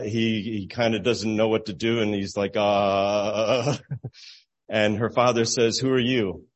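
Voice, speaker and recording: A man with a somewhat low voice tells a story to make a moral point. He talks in a relaxed, unhurried way, with small restarts and soft chuckles. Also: muffled recording. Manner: relaxed, halting storyteller who laughs at his own story. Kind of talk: storytelling sermon illustration.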